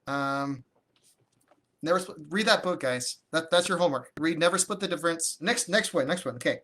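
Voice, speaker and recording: A man's voice: on the high side, normal speed, pushed and bright. A man coaching on real estate deals during a livestream, talking energetically and conversationally, often restarting his sentences. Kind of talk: live-streamed teaching with viewer comments.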